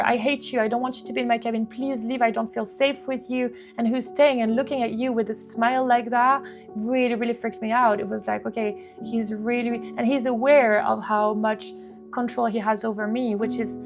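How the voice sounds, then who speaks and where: A woman vlogger telling a painful personal story to camera in an earnest, halting way, often restarting and repeating words, with faint guitar music under her voice. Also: fairly high pitch.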